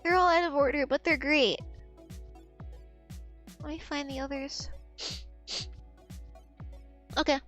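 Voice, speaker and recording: Brief: young woman streamer, squeaky-high voice, giggly rambling storyteller, faint music underneath. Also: steady tone, takes it slowly, long pauses, a bit bright. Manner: giggly, rambling, frequent restarts.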